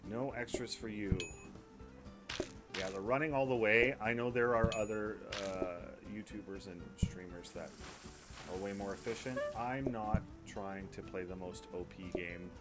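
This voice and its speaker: A man's voice: on the low side, measured pace, loud music behind the voice. A man with a mild Canadian accent, casually rambling to himself while commenting on his gameplay. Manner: relaxed rambling chatter, hums and talks to himself. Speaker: gaming YouTuber.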